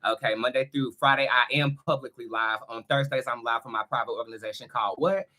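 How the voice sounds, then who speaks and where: A man's voice: mid-range voice, steady tone, quick pace. A man, hosting a live tarot stream in a brash, profane, chatty way. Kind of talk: casual live-stream monologue. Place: home studio. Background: loud music.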